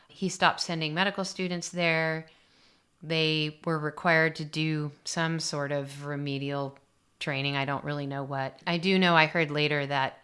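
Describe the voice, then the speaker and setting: A woman's voice: deep voice, sharp tone, clear, resonant tone. A woman doctor hosting a podcast, candidly telling a personal story and reading parts of it aloud in a reflective way. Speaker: aesthetic medicine doctor and podcast host.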